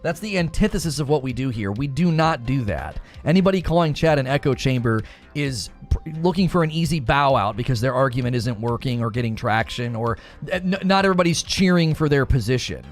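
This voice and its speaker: A man hosting a live gaming talk stream, arguing with his chat and answering it directly in an animated way. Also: mid-range voice, a little fast, faint music behind.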